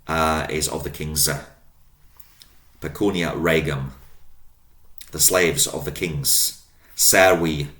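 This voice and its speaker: A man's voice: low-pitched, fairly bright tone. A man teaching a language lesson online, patiently spelling out word endings and drawing out each new word. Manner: patient, spells out endings, drawn-out vocabulary words. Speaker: Latin teacher. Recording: roomy echo.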